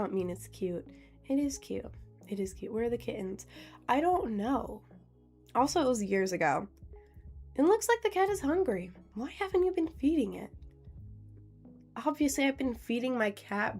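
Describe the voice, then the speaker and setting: A woman's voice: a little high, darkish tone. A young woman streamer in casual live-stream chat. She giggles often, reads viewers' questions aloud, and answers them playfully.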